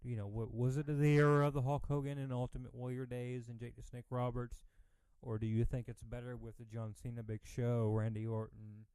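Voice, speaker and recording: A man's voice: mid-range voice, flat delivery, fairly quick, mellow, clean tone, no echo, low-quality recording. A man hosting a wrestling podcast, asking questions with many ums and restarts. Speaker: podcast host.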